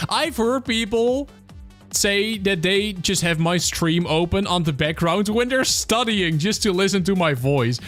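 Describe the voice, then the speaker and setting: This streamer from the Netherlands speaks with a Dutch accent in a high-pitched, fairly bright voice with big pitch swings, taking his time. Over soft background music, he casually answers viewers' questions, full of fillers and restarts.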